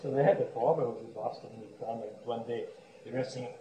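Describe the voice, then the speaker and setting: A man's voice: mid-range voice, fast talker, dark tone. A man giving a sermon as a monk, telling stories with frequent chuckles and restarts. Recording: roomy echo, distant mic, faint background hum.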